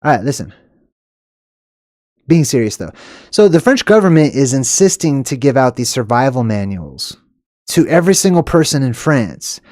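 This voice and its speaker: A man hosting an excited commentary on clips, emphatic and animated, with sharp upward jumps on stressed words and lots of "okay" and "all right". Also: medium pitch, normal speed, pauses often, no echo, studio quality. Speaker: video host.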